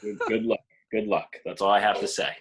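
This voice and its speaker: A man's voice: on the low side, steady tone, a little fast, breathy edge. A young man co-hosting a beer review podcast, laid-back in casual chat and laughing often. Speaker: podcast co-host reviewing beers.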